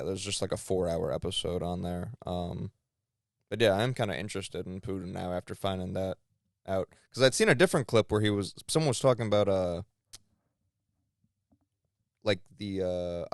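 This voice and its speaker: Low-voiced man in casual, profane banter. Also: normal speed, dry recording, studio quality. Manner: loose, profane, rambling with many fillers. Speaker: podcast co-host. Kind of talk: casual chat.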